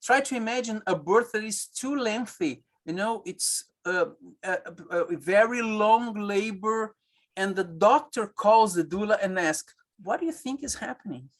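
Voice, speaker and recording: In a webinar conversation, a high-voiced man who works as an obstetrician recounts stories. His speech halts as he hunts for the right English words, with many restarts along the way.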